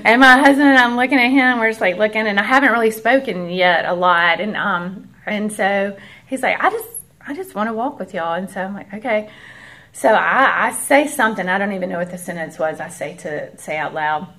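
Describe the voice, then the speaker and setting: A woman's voice: medium pitch, a little fast, pushed and bright. A woman, earnestly sharing a personal testimony with a church group in a conversational way and acting out the voices of the people in her story.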